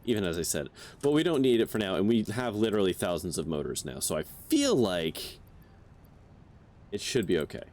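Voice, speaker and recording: A man's voice: fairly low pitch, sing-song, brisk, a little mellow. A man hosting a casual game stream, joking and swearing as he thinks aloud. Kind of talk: casual gameplay chat.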